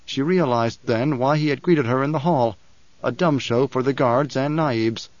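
This is scripted audiobook narration: a man with a mid-range voice tells a novel's story in a measured, even way. The recording is dry and somewhat dull.

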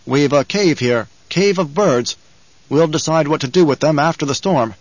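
A man voicing a young male desert war leader who speaks in a calm, measured, authoritative way. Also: fairly high pitch, no echo, muffled recording, close to an everyday voice. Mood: commanding.

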